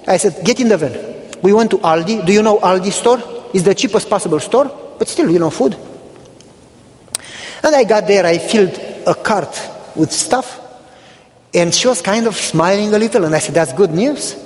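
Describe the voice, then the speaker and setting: A Romanian-born male pastor tells a story in a sermon, lively and animated as he plays out the conversations. His voice sits high for a man. The sound carries a long, hall-like reverb. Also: brisk. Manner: animated storytelling, acting out dialogue.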